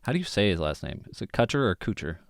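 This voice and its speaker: A man's voice: low-pitched, very animated, very fast, gravelly, no room sound, clean studio sound. A man co-hosting a film podcast, chatting in an easygoing way with short, agreeable replies. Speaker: podcast co-host. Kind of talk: casual film chat.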